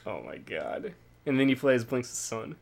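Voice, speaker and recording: A man co-hosting a gaming show, giving animated, sarcastic commentary in casual banter. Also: medium pitch, a little slow, creaky, over a noisy crowd. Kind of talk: casual let's-play banter.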